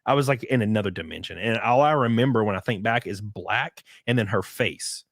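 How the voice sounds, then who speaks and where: A man's voice: on the low side, fairly quick, no echo, clean studio sound. Rambling young man telling a story. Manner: rambling storytelling with many likes and restarts, bursts of excitement. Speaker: podcast guest. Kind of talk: casual podcast chat.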